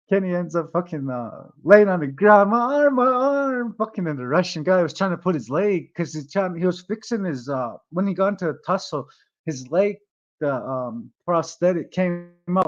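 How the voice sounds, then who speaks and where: A man casually telling a long story to his viewers, rambling and swearing, often tagging his lines with "eh". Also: a little high. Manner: rambling, profane, tags lines with "eh". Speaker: vlogger. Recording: dull lo-fi sound.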